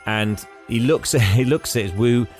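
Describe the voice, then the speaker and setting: A man's voice: medium pitch, normal speed, faint music behind. A man co-hosting a casual podcast, retelling a film's story and acting out its lines with frequent laughs. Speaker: podcast co-host retelling a film. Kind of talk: casual chat.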